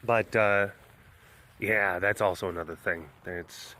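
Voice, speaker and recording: A bubbly man films a casual walk-around vlog outdoors at a big cat sanctuary, chatting with his viewers and using baby talk with the cats. His voice is low and steady, slow in pace, with a sharp tone.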